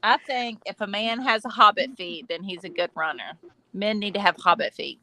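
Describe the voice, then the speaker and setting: A woman's voice: medium pitch, normal speed, bright, forceful tone, no echo, poor audio. A woman, curious and full of questions in a casual group chat. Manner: curious, asks lots of questions.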